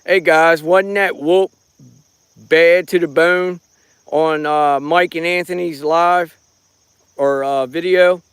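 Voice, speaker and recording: A middle-aged man rambles in a folksy way on a live stream, greeting viewers by name. His voice sits a little high and sounds smooth and clean. He talks into a handheld phone outdoors on a rural property at night, and the sound is dry. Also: steady tone, slow pace, fairly bright tone, no echo. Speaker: live-streaming paranormal watcher. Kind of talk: casual live stream chat.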